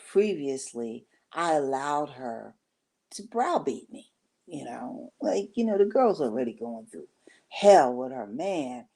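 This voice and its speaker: A middle-aged woman with a low, deep voice tells a personal story in a loose, rambling way. She slips into acted-out quotes of what others said as she goes. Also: gravelly, darkish tone. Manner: rambling, conversational, acts out quoted talk. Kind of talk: casual storytelling to camera.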